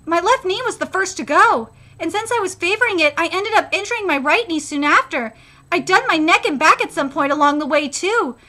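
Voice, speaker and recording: Girl reading out a calm retired teen wrestler guy, high bright voice, pretty even. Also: fairly quick, exaggerated voice. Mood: resigned.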